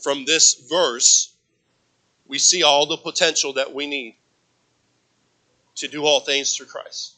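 High bright-voiced preaching pastor. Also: male voice, steady tone, slow pace, long pauses. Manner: preaching with dynamic swings from loud emphatic peaks to hushed low passages; repeats phrases for emphasis, asks the congregation for amens. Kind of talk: sermon.

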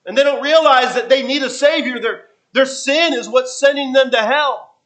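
A man preaching a sermon, often repeating and restarting his phrases, and moving between soft low asides and loud bursts. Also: moderate pace, low-quality recording.

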